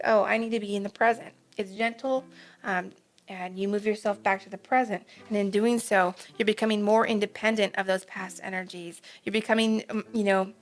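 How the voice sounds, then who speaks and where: A woman giving a gentle, reflective pick-a-card tarot reading, with frequent fillers as she goes. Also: medium pitch. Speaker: tarot reader.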